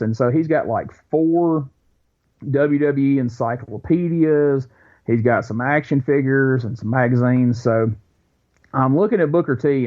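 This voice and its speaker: Guy on a podcast spinning a story, animated, kinda muffled lo-fi sound. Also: medium pitch. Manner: animated storyteller, quick bursts, acts out quotes. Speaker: podcast co-host. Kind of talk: casual storytelling chat.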